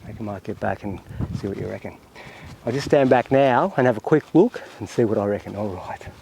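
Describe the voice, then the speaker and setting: Gravelly and lowish, an Australian man's voice moves briskly over a noisy background as he paints in windy open country. He reflects aloud in a relaxed way, describing the painting almost to himself.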